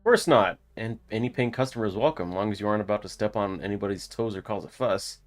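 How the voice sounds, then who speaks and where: A man's voice: on the low side, fast, natural voice. A man voicing a motherly older woman who runs a small-town diner, speaking in a folksy, reassuring way.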